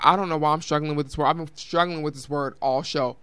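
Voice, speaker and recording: A woman's voice: low-pitched, fairly even intonation, fast talker, a bit bright, clean tone, no echo. A woman from Colorado hosting a talk show, closing it with casual announcements and emphatic, repeated appeals to listeners. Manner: emphatic and repetitive, addresses listeners as y'all.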